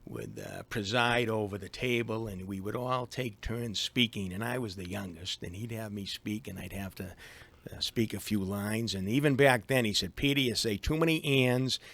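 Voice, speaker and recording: Boston guy with a low gravelly voice, lots of uh's and restarts, radio guest. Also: lively intonation, normal speed, a bit bright. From Boston, USA. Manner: hesitant, many fillers and restarts. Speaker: guest, attorney. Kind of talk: radio interview. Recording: live AM radio studio.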